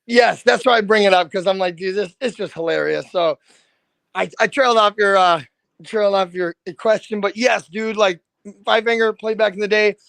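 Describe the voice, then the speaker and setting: A rock band's lead singer chats as a guest, his voice high and full of grit. He tells stories in a loose, animated way and swears freely. The sound is close and dry. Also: normal speed, gravelly, dry recording. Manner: animated, swears freely, says "dude" often. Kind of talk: casual storytelling.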